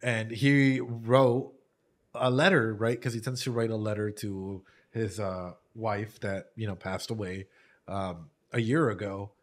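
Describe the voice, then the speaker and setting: With a lowish, steady voice and measured pace, a man hosts an anime reaction, commenting casually on a show. He laughs a lot, curses without restraint, and gets emotional over a heartfelt story.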